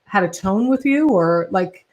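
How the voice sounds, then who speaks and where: A woman's voice: mid-range voice, animated, unhurried, a little mellow, muffled recording. A woman interviewing a guest, responsive with short affirmations.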